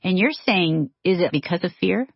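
Female co-host, lower pitch, breathy and husky, reflective questioner; dry, close sound. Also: expressive, moderate pace, dry recording, highs cut off. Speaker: co-host, host's wife. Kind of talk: casual conversation on a faith-based talk show.

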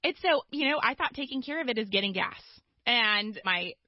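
A woman, a guest author, telling stories in a casual conversation with lively asides. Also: fairly high pitch, dry recording. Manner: lively storytelling with quick asides. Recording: dull dry studio sound.

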